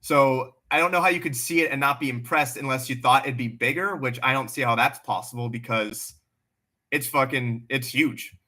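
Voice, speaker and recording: Bright-voiced man chatting on a livestream. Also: mid-range voice, moderate pace. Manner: blunt and animated, swears freely. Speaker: livestream host answering chat questions. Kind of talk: casual livestream chat.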